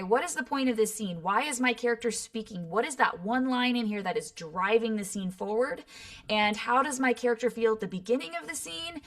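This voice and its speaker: A woman's voice: a little high, fairly bright tone. A woman voice actor from Los Angeles, talking casually in an interview and peppering her points with fillers and "right?". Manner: chatty, many fillers and "right?" tags. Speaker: guest voice actor.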